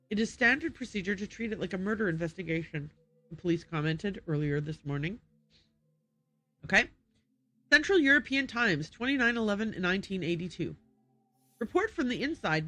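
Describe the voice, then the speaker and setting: A woman streamer reading in-game documents aloud on a livestream, careful and unhurried, stopping to correct and reread her slips. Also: medium pitch, a bit bright.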